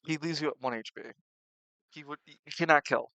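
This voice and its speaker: A young game master narrates a tabletop fight, his voice on the higher side and bursting loud before dropping low. He often stumbles and restarts mid-sentence. The sound is close and dry. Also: brisk, clean tone, no room sound, rough recording. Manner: animated, swings between loud and quiet, stumbles and restarts.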